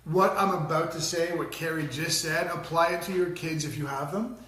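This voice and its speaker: A man's voice: a little high, fairly even intonation, normal speed, a bit bright, echoey room, slight background noise. A middle-aged man co-hosting a casual parenting talk, telling stories animatedly and mimicking voices. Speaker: co-host.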